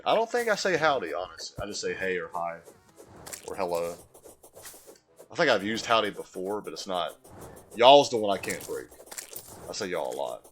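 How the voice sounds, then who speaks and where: A man with a mild Southern US accent, live-streaming a game in casual chat, reading and answering chat and easily amused. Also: low voice.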